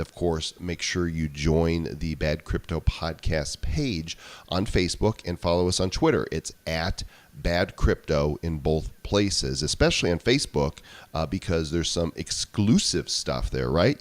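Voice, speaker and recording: A man co-hosting a podcast, chatting casually in an upbeat, promotional way. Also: sits low. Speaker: podcast co-host.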